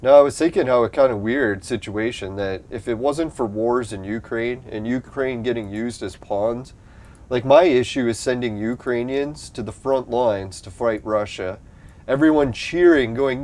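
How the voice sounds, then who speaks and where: A man's voice: mid-range voice, moderate pace, a little mellow. A young adult man from Canada, chatting casually and profanely on a live stream, rambling and laughing often.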